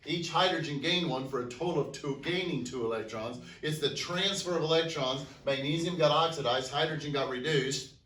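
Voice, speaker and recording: A man's voice: fairly high pitch, a little fast, fairly bright tone, a little hiss or hum. A man teaching a chemistry class, asking students questions and answering them himself. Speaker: high school chemistry teacher. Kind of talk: classroom lecture. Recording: echoey classroom from a distance.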